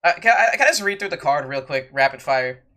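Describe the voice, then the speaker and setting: A man's voice: a little high, lively intonation, fast, bright, forceful tone. A man co-hosting a wrestling podcast, ranting in an exasperated, sarcastic way. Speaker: podcast co-host. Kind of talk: casual wrestling podcast rant.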